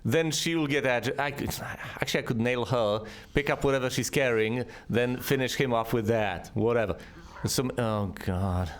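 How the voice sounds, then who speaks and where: A man's voice: medium pitch, normal speed. A man giving sarcastic gameplay commentary and talking back to the enemies on screen. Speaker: let's play host.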